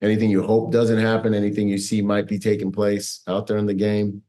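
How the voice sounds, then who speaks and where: A man's voice: fairly low pitch, monotone, brisk, dark tone. Laid-back, slangy male podcast host. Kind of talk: casual chat.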